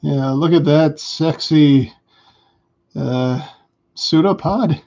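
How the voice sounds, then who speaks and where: Laid-back low-key man painting on stream. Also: drawn-out words, gravelly. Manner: relaxed, thinking aloud, chatting with viewers. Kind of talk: casual live-stream talk while painting. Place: indoors at a hobby table. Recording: dull lo-fi stream audio.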